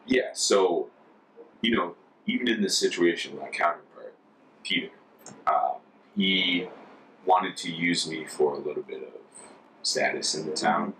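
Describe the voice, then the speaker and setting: A young American man in his twenties, a former volunteer, telling stories casually in an interview, chatty and relaxed. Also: low-pitched, unhurried, pauses often. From United States. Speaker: former Peace Corps volunteer. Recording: distant mic with faint ambience.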